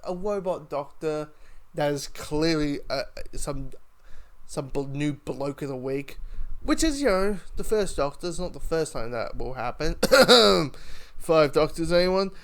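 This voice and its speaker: A man talks through a TV episode review in a loose, rambling way, with a somewhat high voice. He keeps stopping and restarting his sentences. It sounds like casual chat, not a script. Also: expressive, measured pace, fairly bright tone. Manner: rambling, lots of fillers and restarts.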